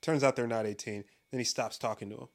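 A man's voice: medium pitch, fairly even intonation, quick pace. A man hosting a casual comedic monologue, swearing constantly, rambling and breaking into laughter. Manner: profane, rambling, laughs often.

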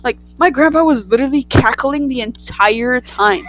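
A young woman casually telling a story to friends, animated and profane, acting out the voices in it. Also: high-pitched, moderate pace, heavy background noise. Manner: animated, profane, acts out quotes. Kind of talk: casual chat.

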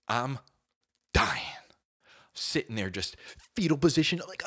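A man in his thirties tells a comic story with a lively, swooping delivery. His voice is fairly low but bright and forceful. He acts out his own groans and quoted lines, peppering them with "dude.". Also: moderate pace, breathy edge.

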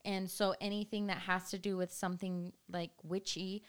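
A young woman co-hosting a casual podcast chat, telling stories in an animated, giggly way with lots of "like". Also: mid-range voice, moderate pace, smooth. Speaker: podcast co-host.

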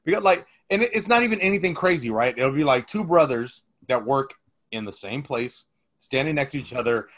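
A man's voice: mid-range voice, animated, a little fast, fairly bright tone. Playful male podcast co-host. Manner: playful, jokey. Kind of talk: casual chat.

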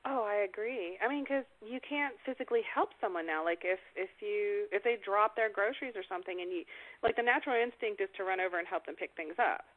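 A woman's voice: mid-range voice, fast. A woman telling everyday stories in casual chat, rambling with lots of fillers and restarts. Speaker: conversation partner. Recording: tinny phone-like line.

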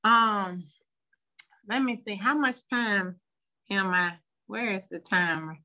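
A woman giving a candid, rambling personal share at a recovery meeting over a phone video call, with many pauses and ums. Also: medium pitch, sharp tone. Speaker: meeting member sharing.

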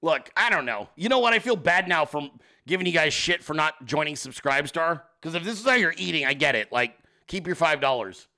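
He hosts a laid-back livestream, cursing freely as he sarcastically picks apart viewer pictures and riffs at the crowd. His fairly quick, high-leaning voice sounds pushed and bright, with lively intonation and almost no pauses.

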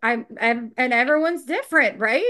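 A woman's voice: high voice, lively intonation, moderate pace, pushed and bright. A woman podcast co-host, a mother of teens, chatting casually, swearing freely and laughing often. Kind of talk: casual chat.

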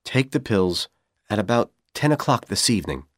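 A man with a Persian accent voicing a manipulative young man who coaxes and pressures in a calm, persuasive tone. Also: lowish voice, moderate pace, no room sound, studio quality. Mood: cold. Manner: coaxing, then coldly insistent.

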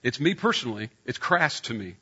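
A middle-aged man preaching a sermon, telling a personal story and getting loud when he acts out scenes. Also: medium pitch, big pitch swings, fairly quick, husky, lo-fi sound.

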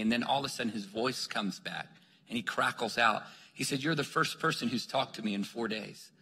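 A man preaching a sermon, telling a story with lively acted-out dialogue. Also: mid-range voice, breathy edge. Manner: animated storyteller acting out dialogue. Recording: long hall reverb.

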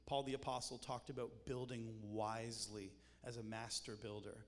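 A man's voice: medium pitch, steady tone, normal speed. A man preaching a sermon in a conversational way, with jokes and emphatic points. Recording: long hall reverb with music behind.

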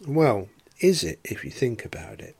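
Slow, measured man teaching scripture. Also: mid-range voice, expressive, husky. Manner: measured, explanatory, rhetorical questions. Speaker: Bible teacher. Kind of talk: solo Bible study podcast.

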